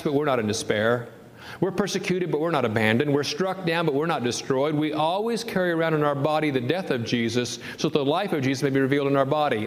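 A man preaching a sermon as pastor, telling a story and rising to an impassioned high pitch when he quotes scripture. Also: slight background noise. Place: church sanctuary. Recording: long hall reverb, faint ambience.

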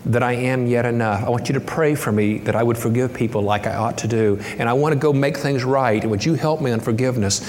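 A man's voice: mid-range voice, a little hiss or hum. Male pastor, middle-aged, earnest sermon, reverberant church hall, faint room ambience. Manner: earnest, builds to impassioned raised delivery. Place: church sanctuary.

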